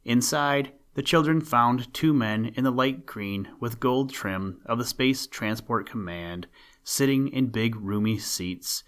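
A man reads a storybook aloud at a measured, even pace. His voice is mid-pitched and plain, with no strong coloring. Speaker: narrator. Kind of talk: storybook reading.

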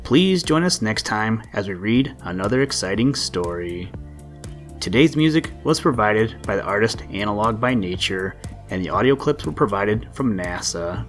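Male podcast host and storyteller, lower register, gentle read-aloud delivery, faint music underneath. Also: lively intonation, normal speed. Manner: gentle, lilting read-aloud with voiced characters. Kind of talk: children's storybook reading.

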